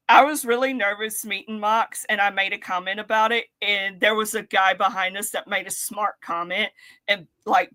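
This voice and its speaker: Bright, giggly woman telling fan stories. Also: medium pitch. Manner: excitable, giggly storyteller. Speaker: podcast co-host. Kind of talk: casual chat.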